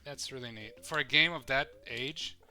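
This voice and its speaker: A man's voice: medium pitch, normal speed, bright, forceful tone. A man rambling casually and swearing as he plays and comments on a live game stream. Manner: rambling, swears casually, thinks aloud while playing.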